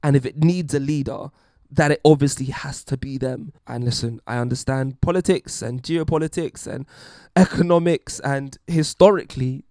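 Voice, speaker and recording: A man's voice: medium pitch, moderate pace, dark tone, no room sound, clean studio sound. A man hosting a podcast, giving an emphatic, wry opinion monologue. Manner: wry, emphatic, puts on mock voices. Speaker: podcast host.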